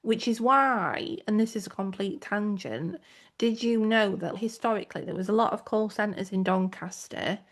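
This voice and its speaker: A woman's voice: mid-range voice, normal speed. A woman with a South Yorkshire accent, co-hosting a podcast in casual chat that wanders into tangents. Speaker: podcast co-host.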